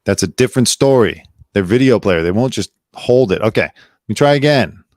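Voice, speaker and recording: A man's voice: on the low side, expressive, brisk, a little mellow, no echo, clean studio sound. A man hosting his own live show, giving blunt, sarcastic commentary with casual swearing. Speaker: host.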